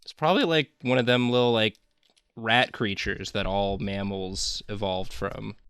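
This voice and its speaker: A man's voice: lowish voice, fairly even intonation, moderate pace, a bit bright, smooth, dry recording, studio quality. A man chatting casually while he draws, rambling and trailing off mid-sentence. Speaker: show host and artist. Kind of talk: casual chat while drawing.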